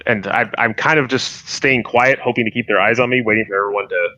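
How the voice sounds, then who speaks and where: A man's voice: mid-range voice, steady tone, fast talker, bright, forceful tone, no room sound. A man playing in a tabletop game who eagerly describes his moves in casual chat. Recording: dull lo-fi mic.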